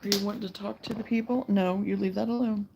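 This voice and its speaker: Gravelly-voiced woman chatting and cooing at her dog. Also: medium pitch, fairly even intonation, quick pace, noisy background. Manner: chatty, coos at her dog in baby talk. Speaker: crochet vlog host. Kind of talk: casual chat while crocheting.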